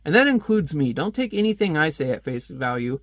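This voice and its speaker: A man's voice: a little high, sing-song, brisk, no room sound. A man giving casual, joking commentary while reviewing a comic book page by page. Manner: chatty, joking asides.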